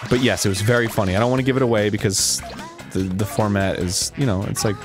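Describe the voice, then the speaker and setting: A man's voice: fairly low pitch, steady tone, quick pace, over music. A man co-hosting a casual chat, telling a rambling story with lots of restarts. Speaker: co-host.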